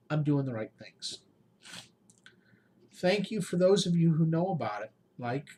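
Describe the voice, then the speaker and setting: Man, late forties, emotional vlog update, heartfelt, pleading, halting, faint background noise. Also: fairly high pitch, a little mellow. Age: 40s. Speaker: YouTube game master channel host. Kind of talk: emotional personal update to followers.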